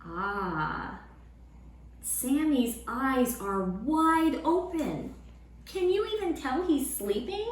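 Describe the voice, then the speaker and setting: A woman teaching a Sunday school lesson to children at home, in a lively, encouraging way. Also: sits high, very slow. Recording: roomy room sound with faint ambience.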